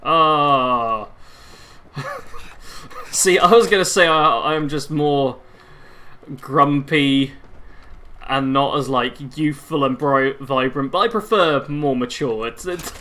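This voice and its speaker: A gaming livestreamer in his twenties chats casually with viewers while he plays, rambling and reacting to the action mid-sentence. His voice is on the high side, slow, bright, and forceful.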